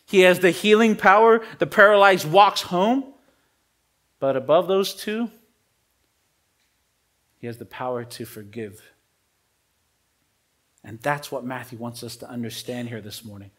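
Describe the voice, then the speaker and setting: A male pastor preaching a sermon in a casual, conversational way with everyday slang. He swings between emphatic rises and quiet, trailing drops. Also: on the high side, animated, measured pace, pauses often.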